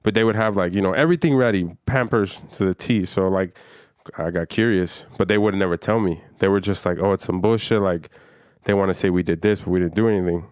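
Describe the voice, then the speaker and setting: A man's voice: sits low, brisk, no room sound, studio quality. A young man co-hosting a podcast, telling stories in a blunt, profane, casual way. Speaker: podcast co-host. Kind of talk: casual chat.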